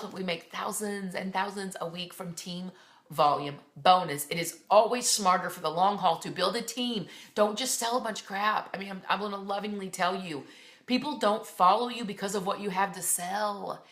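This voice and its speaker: A woman's voice: on the low side, sharp tone, reverberant. A woman in her thirties, a fitness coach leading her team, giving a fervent, blunt motivational pep talk on a team call.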